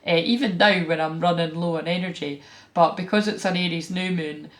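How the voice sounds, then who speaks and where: A Scottish tarot reader and spiritual channeler hosts a casual spiritual reading vlog, speaking frankly and chattily with lots of fillers and asides. Her voice is on the low side and a little fast.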